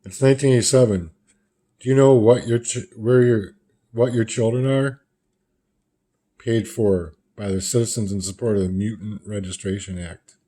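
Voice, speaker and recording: A man's voice: fairly low pitch, moderate pace, dark tone. A man casually retelling the panels of a comic book in a loose, rambling way, as a reviewer.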